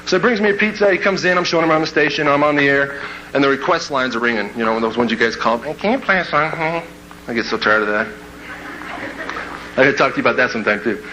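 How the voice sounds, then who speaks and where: A man from Kansas giving a motivational speech, telling a story to a live audience in an animated way and acting out scenes with sound effects and quoted voices. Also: medium pitch, fast talker, slight background noise, low-quality recording. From Kansas, USA. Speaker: motivational speaker.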